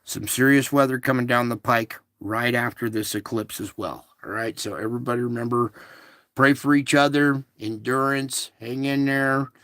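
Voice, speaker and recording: A man hosting a casual spiritual show, talking in a slow, soothing, repetitive way to reassure his listeners. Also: mid-range voice, fairly bright tone, no echo, studio quality. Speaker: show host. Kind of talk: casual spiritual livestream talk.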